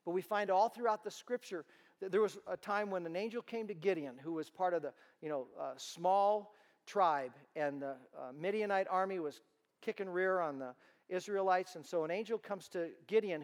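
Animated, high-voiced male preacher. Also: moderate pace. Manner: animated storytelling. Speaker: ministry speaker. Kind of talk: sermon-style talk to parents. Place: large room with an audience.

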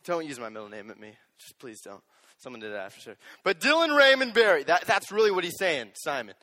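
A young man preaching a sermon as a youth pastor, animated and joking, speaking straight to the audience. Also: on the high side, a little fast, big-room sound.

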